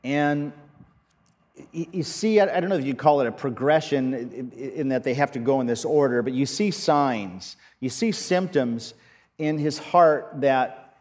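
A man preaching a sermon as pastor, earnest and halting, often restarting his sentences. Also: mid-range voice, a little mellow, in a large hall.

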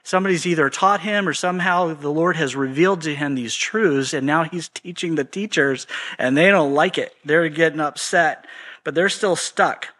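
A man teaching from the Bible in a relaxed, conversational way, retelling scripture in everyday slang. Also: fairly high pitch, normal speed.

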